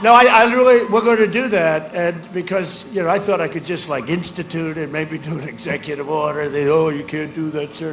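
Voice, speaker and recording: High-voiced older man shouting at a rally. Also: noisy background. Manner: rambling, boastful and mocking, with emphatic shouted lines. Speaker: politician addressing a rally. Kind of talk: campaign rally speech. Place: large outdoor rally. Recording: echoing PA sound over a loud crowd. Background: crowd ambience.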